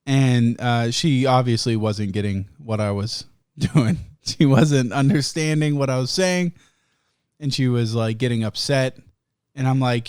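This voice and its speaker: A man's voice: mid-range voice, moderate pace, smooth, no echo, studio quality. A young man hosting a podcast, telling a story in a profane, ranting casual chat. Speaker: podcast host.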